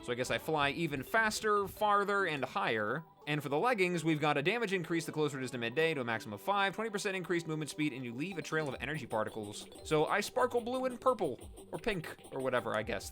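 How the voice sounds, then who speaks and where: A man giving chatty, excitable gameplay commentary as host of his let's play series, often poking fun at himself. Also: fairly high pitch. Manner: excitable, chatty, self-mocking.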